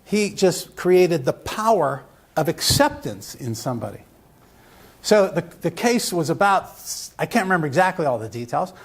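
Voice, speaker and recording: A man's voice: a little high, sing-song, moderate pace. Rambling man lecturing a room. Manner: rambling, jokey, asks the audience questions. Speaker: lecturer at a legal education seminar. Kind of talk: live lecture with anecdotes. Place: meeting room with a live audience.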